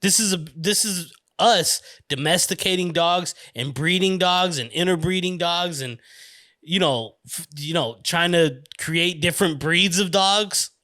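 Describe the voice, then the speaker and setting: A man's voice: sits high, unhurried, bright, forceful tone, no room sound, clean studio sound. A man with a US East Coast accent hosting a podcast alone, rambling in a loose, profane, casual monologue and often breaking into laughter. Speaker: podcast host.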